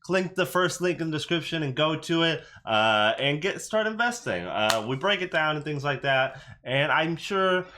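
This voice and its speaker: A young man hosts a reaction video in loose, casual commentary. His voice is bright and forward, and he leans on fillers and restarts. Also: fairly high pitch, animated, moderate pace, hardly any pauses, a little hiss or hum.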